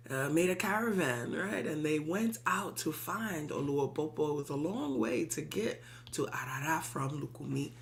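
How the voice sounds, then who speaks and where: A woman's voice: low voice, gravelly, a little hiss or hum. A woman priestess leading a worship service, telling a sacred story in rhythmic, repetitive preaching. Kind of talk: storytelling sermon.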